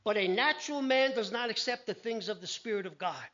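A man preaching a sermon, animated, telling Bible stories and acting out the voices in them. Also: high voice, brisk. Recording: dull lo-fi recording.

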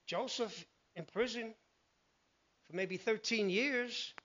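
High-voiced man preaching a sermon. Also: slow. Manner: animated storytelling, acting out voices. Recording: dull lo-fi recording.

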